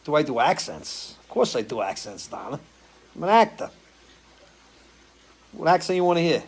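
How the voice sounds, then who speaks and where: A man's voice: fairly high pitch, big pitch swings, moderate pace, husky, poor audio. A man who sings and hosts a live stream, chatting loosely with viewers, answering their comments and swearing casually. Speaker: singer hosting a live stream.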